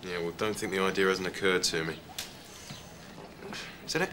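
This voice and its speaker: A man's voice: low voice, fairly even intonation, normal speed, lightly acted. An actor playing a tough, sarcastic businessman, speaking bossily. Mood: sardonic. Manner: sarcastic, bossy. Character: tough sardonic middle-aged businessman. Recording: noisy TV drama sound.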